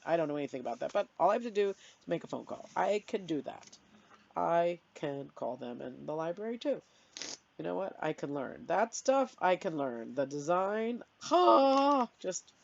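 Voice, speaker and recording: A middle-aged woman venting candidly in a personal vlog, tearful and self-deprecating, with sudden high-pitched outbursts. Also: vocal fry. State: tearful, blowing her nose. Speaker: vlogger. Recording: dry, dull lo-fi sound.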